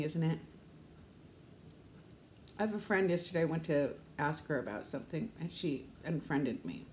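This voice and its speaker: A woman in her fifties with a fairly low voice rambles casually to her viewers. She talks on and on in a chatty, easygoing way, laughing often. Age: 50s. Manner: rambling, chatty, laughs often, uses high baby-talk to her dog. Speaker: vlogger. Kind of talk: casual chat to camera.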